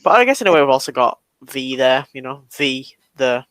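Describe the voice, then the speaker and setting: A man's voice: medium pitch, big pitch swings, fairly quick, a bit bright, clean tone, no room sound. Easygoing British man, dry sound. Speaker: podcast co-host and story reader. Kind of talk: casual chat.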